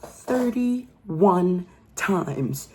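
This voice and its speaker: A woman's voice: lowish voice, expressive, extremely slow, warm tone. A woman giving a casual true crime commentary, telling the story emphatically and incredulously and often asking "okay?".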